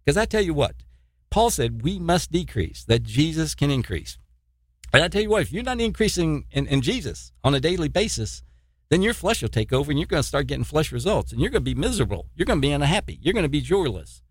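A man's voice: fairly high pitch, big pitch swings, quick pace, slightly rough, no echo, studio quality. A man preaching an informal sermon in an earnest, repetitive way, often adding "you know" and chuckling.

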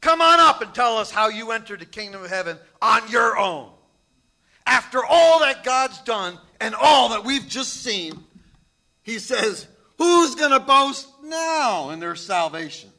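A man's voice: high voice, pushed and bright. A man preaching a sermon, emphatic, with dramatic drops to near whispers. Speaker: pastor.

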